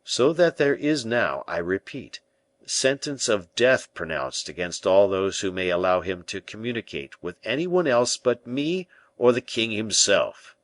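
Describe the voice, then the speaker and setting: A man voicing a calm, self-possessed schemer in an audiobook, persuading and giving orders with smooth assurance. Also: fairly low pitch, a little slow, no echo. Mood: confiding, stern. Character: cool, scheming male musketeer-bishop. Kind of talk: audiobook character reading.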